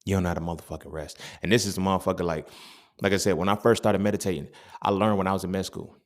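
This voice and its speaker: A young adult man hosting a podcast, talking in a casual, animated monologue full of profanity and street slang. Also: low-pitched, rapid-fire. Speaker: podcast host.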